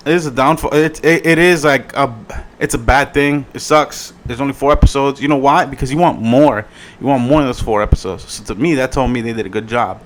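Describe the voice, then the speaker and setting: A man giving a casual review in his vlog, swearing freely in an animated, slangy way. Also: medium pitch, fairly quick, slight background noise. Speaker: video reviewer.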